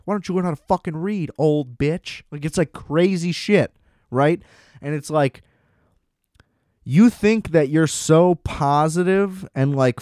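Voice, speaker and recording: A man's voice: on the high side, darkish tone, clean tone, no room sound, studio quality. A man ranting in casual commentary, rambling, sarcastic and full of swearing. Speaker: vlogger.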